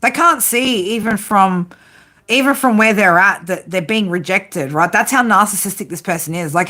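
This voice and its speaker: A woman tarot reader gives a casual reading, blunt and profane, and keeps breaking into laughter. She speaks at normal speed in a medium-pitched, sharp-toned voice.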